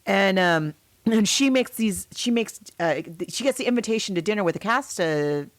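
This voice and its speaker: A woman co-hosting a casual podcast who talks animatedly, laughs often and mimics characters in a high voice. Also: expressive, normal speed. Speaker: podcast co-host. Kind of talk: casual chat.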